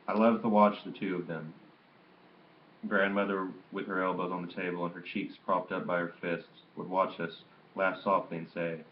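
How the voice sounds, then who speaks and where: Deep-voiced man reading a memoir aloud. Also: normal speed, roomy sound, dull audio, slight background noise. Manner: steady, plain reading with occasional slips and restarts. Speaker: audiobook reader.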